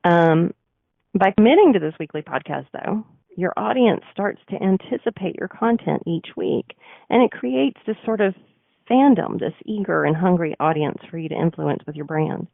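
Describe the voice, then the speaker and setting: A woman's voice: lowish voice, expressive, moderate pace, gravelly, no echo. A woman with a nasal Southern US accent hosting a radio show, giving business advice in a chatty, earnest way with frequent fillers. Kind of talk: casual monologue with business advice. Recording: tinny phone-like line.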